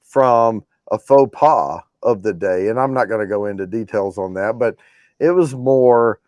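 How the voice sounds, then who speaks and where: A man's voice: fairly low pitch, a little slow, darkish tone, no room sound, studio quality. A man hosting a giveaway show, chatting casually about classic rock, rambling with frequent restarts. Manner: rambling, restarts often, storytelling.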